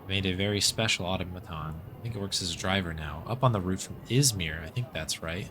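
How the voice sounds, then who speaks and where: A man reading the lines of a gruff, busy woman engineer at a world's fair in a game, in his own plain voice. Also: low voice, fast, background noise. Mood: brusque. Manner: grumbling, brusque, read in his own voice.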